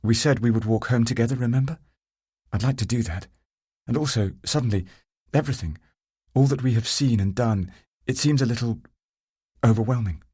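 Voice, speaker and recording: A man voicing a gentle young woman in an audiobook, speaking softly and with emotion. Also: medium pitch, fairly quick, breathy edge, no room sound, studio quality, voice pushed up, lightly acted. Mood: wistful. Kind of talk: audiobook character voice.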